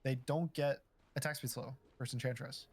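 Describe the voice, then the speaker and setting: A man's voice: medium pitch, steady tone, a little fast, a crowd in the background. A man giving analytical commentary on a match, explaining in a rambling way.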